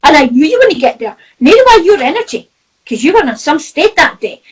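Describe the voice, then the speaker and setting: A middle-aged north-east Scottish woman with a Doric accent, a psychic medium, chats casually through her stories with lots of laughter and swearing. Her high-pitched voice swings widely in pitch and runs a little fast. The recording is low quality.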